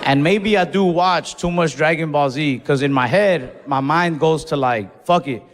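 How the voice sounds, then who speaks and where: A young man doing stand-up, telling a story in a relaxed, profane way and acting out his own yells on a club stage. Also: on the high side, unhurried, slight background noise. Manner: laid-back, profane, acts out his own shouts. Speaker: stand-up comedian. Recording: live room with long reverb.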